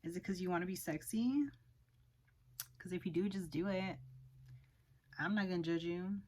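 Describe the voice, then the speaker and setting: A woman's voice: lowish voice, normal speed, a little mellow, a little hiss or hum. A young woman, a hairstylist, chatting frankly and profanely while doing her makeup. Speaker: hairstylist and beauty vlogger.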